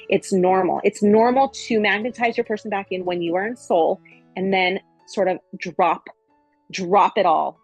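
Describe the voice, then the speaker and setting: A woman's voice: medium pitch, breathy edge, dry recording, low-quality recording. A middle-aged woman giving a casual spiritual coaching talk, earnest and repeating phrases for emphasis.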